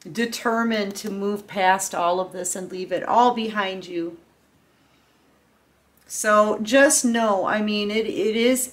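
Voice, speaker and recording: Woman tarot reader with a middle-pitched voice, heartfelt and chatty, talking straight to viewers. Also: a bit bright. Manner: loose and chatty with fillers. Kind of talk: casual collective tarot reading.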